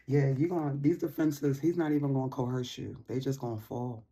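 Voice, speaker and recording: A woman hosting a casual tarot reading vlog with a mellow, husky voice. She talks in loose, slangy bursts, teasing and encouraging by turns. Her delivery is playful and animated. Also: very deep voice, a little slow, pauses often. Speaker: tarot reader.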